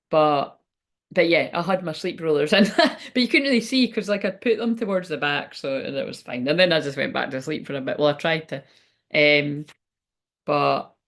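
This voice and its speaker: Chatty woman with a gravelly fry. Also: fairly low pitch. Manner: chatty and rambling. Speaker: spiritual card reader. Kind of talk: casual livestream card reading.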